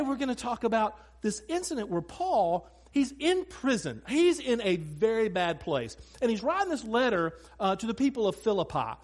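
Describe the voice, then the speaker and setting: A middle-aged man preaches with a high, bright voice that leaps up and down freely. He tells stories and talks to his listeners directly, slipping into quick asides and acted-out quotes. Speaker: pastor. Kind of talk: sermon.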